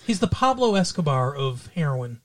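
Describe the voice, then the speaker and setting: A man's voice: fairly high pitch, very animated, normal speed. Rambling male podcast co-host. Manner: rambling, hedging with "like" and "I guess". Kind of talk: casual movie review chat.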